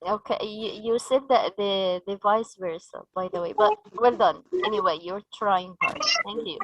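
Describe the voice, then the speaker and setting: A woman's voice: mid-range voice, very animated, normal speed, creaky, highs cut off, background noise. A woman running a teacher-training session, patiently explaining and asking the group questions. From Egypt.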